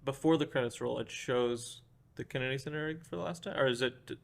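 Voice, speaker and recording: A man's voice: mid-range voice, fairly quick, creaky. Wry, offhand man podcast co-host. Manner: wry, offhand, hesitant with ums. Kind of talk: casual chat about a movie.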